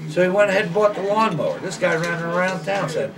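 A man's voice: high-pitched, animated, quick pace, hardly any pauses, over music. An older man telling folksy, rambling stories at a lunch table, acting out the voices of the people in them. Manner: folksy rambling anecdotes, acts out quoted voices. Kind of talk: casual storytelling at a lunch table. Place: home dining table during a meal. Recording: distant mic at a noisy table. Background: cutlery and dishes clinking, other people around.

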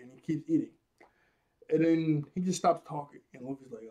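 A man's voice: on the high side, fairly quick, dark tone. A man giving a casual, rambling episode review, laughing often at his own jokes.

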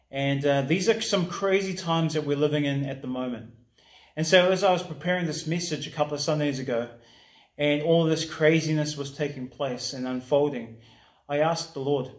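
A man pastor giving a recorded sermon in a warm, conversational preaching manner that drops soft in prayer. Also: on the high side, roomy sound.

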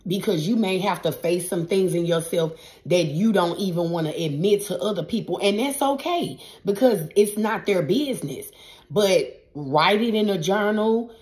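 A woman's voice: on the low side, a little mellow. A woman tarot reader giving a spiritual pep talk to her viewers in a casual, emphatic, repetitive style with a preacher-like cadence. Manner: casual, addresses viewers as y'all.

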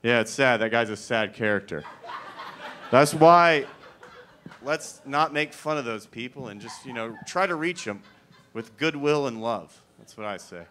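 A man's voice: medium pitch, animated, unhurried, a bit bright, a little hiss or hum. Wry, rambling male stand-up comedian. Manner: rambling, conversational, filler-heavy; profane and wry.

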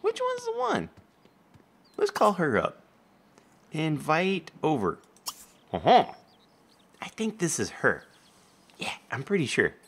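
A man casually commenting while playing a life-simulation video game, talking to the characters and jumping up in pitch when surprised. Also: huge pitch swings, slow pace, gravelly, pauses often, fairly bright tone, breathy edge. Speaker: gameplay commentator. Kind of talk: casual let's play commentary.

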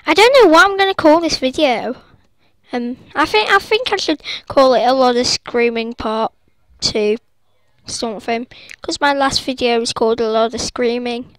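A woman's voice: high voice, no echo. A woman giving rambling, giggly commentary over a video game, breaking into silly singing and squeals. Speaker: gaming video host.

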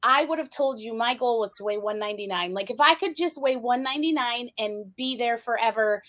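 A woman guest telling her story in a blunt, animated way during a casual interview chat. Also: on the high side, brisk.

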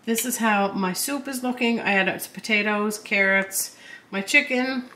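A woman's voice: mid-range voice, normal speed, a little hiss or hum. Chatty woman in an echoey kitchen. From Eastern Canada. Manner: chatty, relaxed, with frequent ums. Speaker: vlogger, stay-at-home mom. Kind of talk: casual vlog narration. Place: home kitchen. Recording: echoey room, faint ambience.

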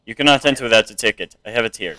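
A man's voice: mid-range voice, very fast, bright, forceful tone, a little hiss or hum. A young man casually commenting on a game as he plays, reading its text aloud and trying out silly voices. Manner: chatty, reads game text aloud, tries silly accents. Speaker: gameplay streamer. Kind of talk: casual let's play commentary.

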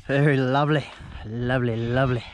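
An excitable Australian man chatting with a mate while fishing on a river, recorded outdoors on a camera mic. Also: medium pitch, fairly quick, slight background noise. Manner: excitable, laughing banter with a mate. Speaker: fishing vlogger. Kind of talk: casual chat while fishing.

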